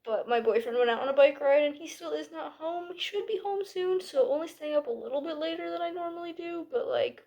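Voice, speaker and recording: A woman's voice: high voice, expressive, fairly quick, few pauses, dark tone, muffled recording. A tired woman hosting a book club vlog, talking casually with sarcasm and exasperation, full of "like" fillers. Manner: chatty with many "like" fillers.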